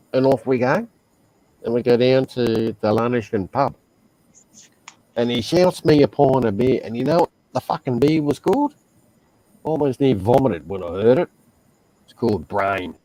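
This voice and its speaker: An Australian man talking at an unhurried, drawn-out pace, mid-pitched, blunt and sweary as he spins yarns on a casual stream. His voice sits in an ordinary middle register. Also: warm tone, low-quality recording. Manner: blunt, profane storytelling. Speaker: stream host. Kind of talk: casual chat.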